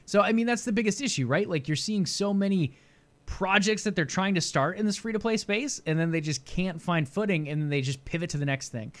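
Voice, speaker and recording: A man's voice: sits high, brisk, fairly bright tone. A man co-hosting a casual gaming news stream, chatty and laughing easily with filler words. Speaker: podcast co-host.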